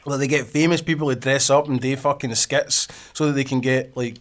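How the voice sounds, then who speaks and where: A man's voice: medium pitch, fairly even intonation, fairly quick, a bit bright. A Scottish man in casual chat, joking and swearing as he chips in.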